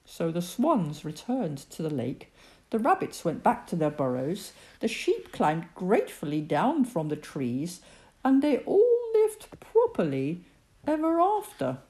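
Woman, storyteller, children's story read-aloud, expressive, wide-ranging pitch, slow and deliberate. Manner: expressive, dramatic narration.

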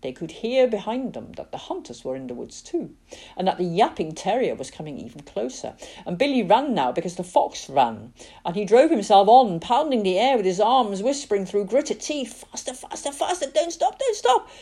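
A woman giving a dramatic, expressive reading of a children's novel as its narrator. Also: mid-range voice, normal speed, breathy edge. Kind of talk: storybook narration.

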